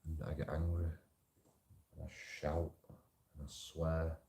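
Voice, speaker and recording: A man talks on in a loose, rambling monologue, looping back over his phrases and swearing as he goes. His voice sits very low and has a dark, mellow tone. The sound carries an echoey, roomy ring. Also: completely flat delivery, takes it slowly, creaky. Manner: repetitive, restarts phrases, swears freely. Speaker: channel host.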